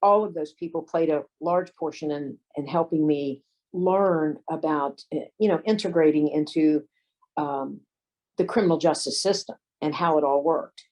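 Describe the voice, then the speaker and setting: Older woman, low-pitched, relaxed raconteur recounting legal career stories. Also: moderate pace, low-quality recording. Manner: folksy anecdotes, acts out quoted voices. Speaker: lawyer and former detective. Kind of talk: storytelling interview.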